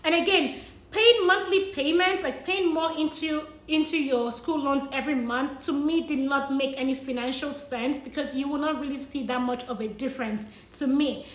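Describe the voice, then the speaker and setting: A woman's voice: high voice, roomy sound. A young woman vlogging about paying off her loans, teary and sniffling, apologizing and laughing through her tears. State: tearful, sniffling. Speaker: vlogger sharing money tips. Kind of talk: emotional personal vlog.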